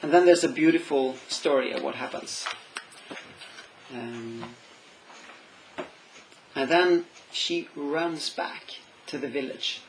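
A man with a slightly high, gravelly voice preaches a sermon in English, which is not his first language. He talks thoughtfully, stops to search for words and asks his listeners questions. A faint room ambience sits behind him. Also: slow, long pauses, slight background noise, poor audio.

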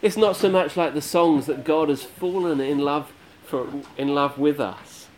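A man's voice: a little high, a little slow, darkish tone, slight background noise. A man preaching a sermon to a congregation, earnest and emphatic, building his points through repeated phrases.

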